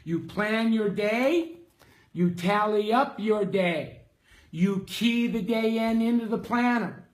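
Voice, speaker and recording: A middle-aged man coaching salon owners in a live stream, reading out viewer comments in a casual, slangy and excitable way with loud bursts. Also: sits high, slow pace.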